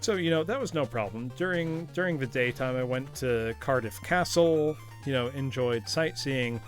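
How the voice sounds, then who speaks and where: At a normal speed and with a mid-range voice, a US streamer tells a story while gaming live, chatty and quick to laugh. He reads chat messages aloud, with soft music behind him.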